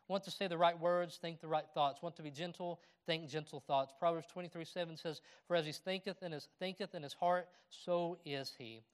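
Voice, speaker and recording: A middle-aged man preaching a sermon, reading scripture aloud and telling personal stories with a laugh. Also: a little high. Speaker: pastor.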